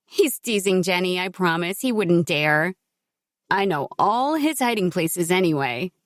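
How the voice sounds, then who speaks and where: Woman voicing firm teasing young wife, brisk, reassuring, storybook, dry close sound. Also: fairly low pitch, expressive, dry recording.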